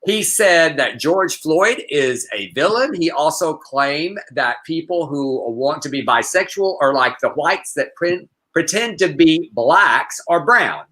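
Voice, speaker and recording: A man co-hosting a live news chat show, talking in an animated way and laughing easily. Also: a little high, slow, few pauses. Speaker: co-host.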